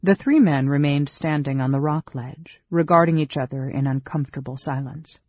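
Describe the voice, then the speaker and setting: A man narrating a fantasy audiobook in a measured, even storytelling manner. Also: on the high side, no room sound, dull audio. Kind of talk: scripted narration.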